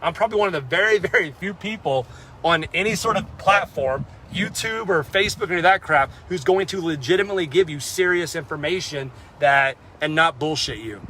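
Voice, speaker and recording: Young man, trading vlogger, bright forceful voice, blunt and cursing, faint traffic behind. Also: a little high, lively intonation, brisk. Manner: blunt, profane, rambling with fillers. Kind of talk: casual talk to camera.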